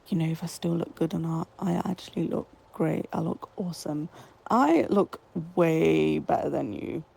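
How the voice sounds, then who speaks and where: Gravelly, husky woman, defiant and dismissive. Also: fairly low pitch, mellow, rough recording. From Britain. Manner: defiant, matter-of-fact, dismissive. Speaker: voice note sender. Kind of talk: voice-note reply.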